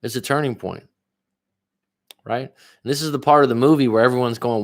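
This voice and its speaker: A man's voice: medium pitch, brisk. A man coaching viewers on a livestream, reading their comments aloud and answering them bluntly, with frequent swearing. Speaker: relationship coach.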